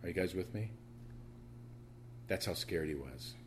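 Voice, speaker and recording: A man preaching a sermon, animated, often stammering and restarting, building to loud proclamations. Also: sits low, unhurried, a little hiss or hum. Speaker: pastor.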